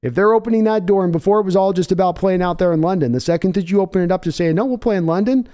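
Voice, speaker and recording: A male sports podcast host chatting casually on a live stream, rambling between jokes and viewer questions. His voice sits on the higher side. He talks loosely, restarting sentences as he goes. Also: fairly even intonation, very fast, dark tone, clear, resonant tone. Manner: rambling, joking, answering chat questions.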